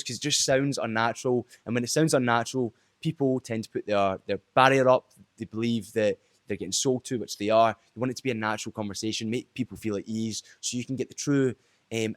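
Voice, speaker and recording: A man's voice: mid-range voice, no room sound. A young man giving blunt, casual sales advice straight to camera, swearing freely as he talks. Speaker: sales trainer. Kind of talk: direct-to-camera sales tips video.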